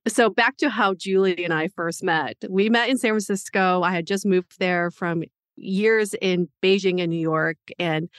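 A woman co-hosting a podcast, telling a personal story in a reflective, steady way. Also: lowish voice, dry recording, studio quality. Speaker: dating podcast co-host. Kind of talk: casual chat.

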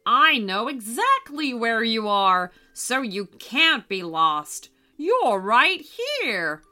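A woman voicing a friendly walking skeleton who talks loudly and slowly. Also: on the high side, sing-song, heavily acted. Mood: cheerful.

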